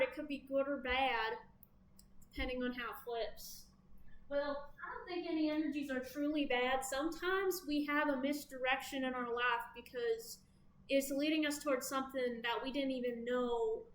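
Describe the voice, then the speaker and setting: High-voiced chatty woman reading tarot. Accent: American Southern. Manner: chatty, caffeinated, playful asides. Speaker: tarot reader. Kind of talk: casual tarot reading to camera. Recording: echoey room with faint background noise.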